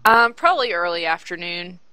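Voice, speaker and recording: A woman's voice: fairly low pitch, lively intonation, a little fast, bright, forceful tone, clean tone, no echo. A woman describing her character's actions as a player in a tabletop role-playing game, casual with hesitations.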